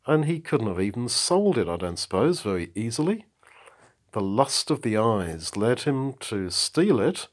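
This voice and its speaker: A man's voice: medium pitch, sing-song, unhurried. Reflective man teaching Bible verses. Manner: thoughtful, reflective, reads verses then explains. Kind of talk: spoken Bible commentary.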